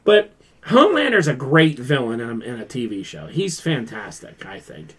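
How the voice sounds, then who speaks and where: A man hosting a casual pop culture talk, animated, acting out quoted lines and swearing freely. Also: medium pitch, normal speed, husky. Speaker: podcast host. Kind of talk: casual chat.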